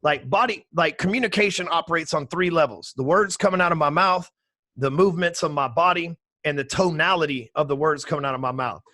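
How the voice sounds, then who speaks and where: A man, talking emphatically and with high energy as a podcast guest, swearing casually. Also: a little fast, bright, forceful tone, dry recording. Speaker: podcast guest, sales trainer. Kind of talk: energetic interview talk.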